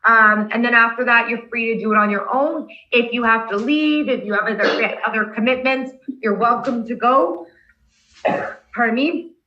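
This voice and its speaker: A woman's voice: on the high side, moderate pace, lo-fi sound. A woman instructor walking a class through steps over a video call, patient and checking in with "okay?" as she goes. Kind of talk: online class walkthrough.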